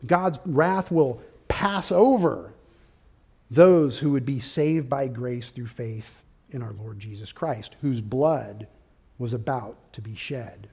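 A man preaching an expository sermon, walking through his outline point by point and rising to forceful, loud peaks of emphasis. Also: mid-range voice, takes it slowly, slightly rough. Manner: outlined teaching with subpoints. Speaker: pastor.

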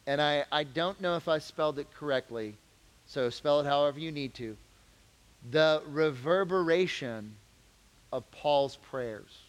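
Animated man preaching in a reverberant hall. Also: a little high, a little slow. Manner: animated, conversational, rising to emphatic questions. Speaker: youth pastor. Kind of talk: youth group Bible lesson.

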